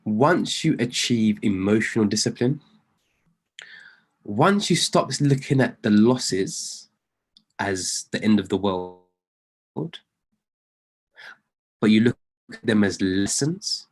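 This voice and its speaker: A man's voice: lowish voice, lively intonation, a little slow, pauses often, breathy edge. Earnest man coaching on a group call. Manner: swings between loud pleading and hushed near-whispers; earnest, encouraging, repeats phrases for emphasis. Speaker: trading coach. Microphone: video call.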